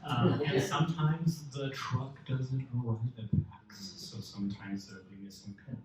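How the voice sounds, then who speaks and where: A man's voice: medium pitch, animated, normal speed, a loud crowd. A man speaking as a panelist at a convention panel, hesitant with many fillers. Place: large convention hall. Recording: echoey hall from far off.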